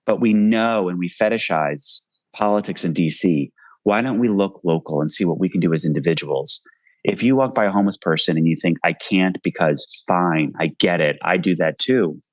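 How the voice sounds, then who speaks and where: A man's voice: low-pitched, normal speed, no room sound, rough recording. A man in his forties, an author speaking earnestly and with passion in an interview from his home. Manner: earnest, impassioned, speaks in bursts. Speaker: author and guest. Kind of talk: video call interview.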